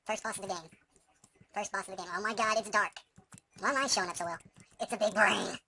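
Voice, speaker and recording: A young woman commentating her own gameplay, excitable, swearing at enemies, yelping and humming along. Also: medium pitch, quick pace, slight background noise. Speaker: let's play gamer. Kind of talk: casual game commentary.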